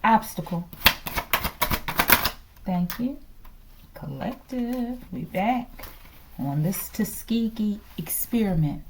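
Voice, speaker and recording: A woman's voice: mid-range voice, lively intonation, slow, long pauses, heavy background noise. A woman giving a channeled tarot reading to her viewers, chatty, laughing often and dropping into whispers. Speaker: tarot reader.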